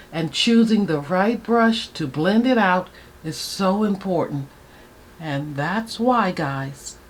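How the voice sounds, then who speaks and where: Woman, 60s, beauty vlogger. Unhurried, gushing get-ready-with-me chat, light background hiss. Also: on the low side. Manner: chatty, excitable, talks to viewers as "guys".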